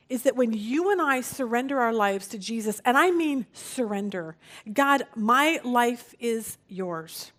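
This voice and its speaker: A middle-aged woman teaching a Bible study, telling stories in an animated way and acting out what people said. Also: fairly high pitch. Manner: animated, acts out quoted speech.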